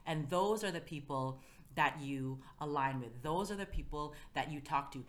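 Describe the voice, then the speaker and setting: A woman with a deep, low voice talks through motivation and ambition in a casual podcast chat. She speaks earnestly and keeps checking in with "you know what I mean". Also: normal speed. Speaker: podcast guest.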